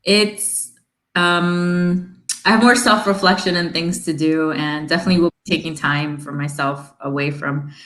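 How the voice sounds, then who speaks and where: A woman hosting a casual interview show, chatty and quick to laugh. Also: lowish voice, steady tone, a bit bright. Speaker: host and founder of the show. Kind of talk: casual video chat interview. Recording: roomy echo.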